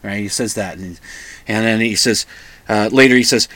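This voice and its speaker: A man's voice: fairly low pitch, moderate pace, a bit bright, no room sound. A man hosting a solo podcast, rambling and pedantic, often restarting and correcting himself. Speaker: podcast host.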